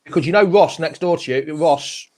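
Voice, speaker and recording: A man's voice: fairly high pitch, normal speed, a little mellow. A man hosting a live football fan chat show, chatty and friendly, tagging questions onto his remarks. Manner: chatty, friendly, asks many tag questions.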